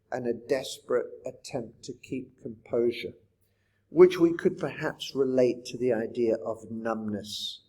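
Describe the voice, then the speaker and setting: A man with a warm, medium-pitched voice gives a poetry lecture. He teaches reflectively, often posing rhetorical questions to his listeners.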